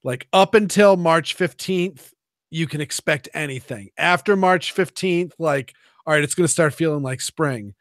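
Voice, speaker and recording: A man from Maine co-hosting a casual podcast, joking and animated, with lots of filler words. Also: a little high, normal speed, no echo, clean studio sound. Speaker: podcast co-host.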